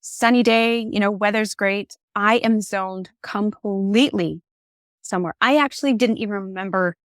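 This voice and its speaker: A middle-aged woman, a podcast guest, telling personal stories in an animated, candid conversational way. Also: mid-range voice, normal speed, dry recording, studio quality. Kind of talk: conversational storytelling.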